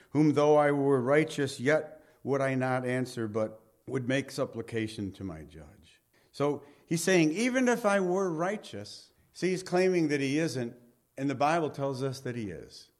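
A man giving a verse-by-verse Bible teaching, reading scripture aloud and then explaining it in lively, everyday speech, often dropping low and quiet to close a point. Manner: animated, reads scripture aloud then paraphrases it conversationally.

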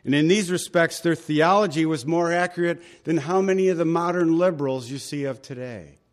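A male pastor teaches through a Bible passage verse by verse in a sermon. His voice sits a little higher than most men's, and his delivery is conversational yet emphatic, full of chatty asides. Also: fairly quick.

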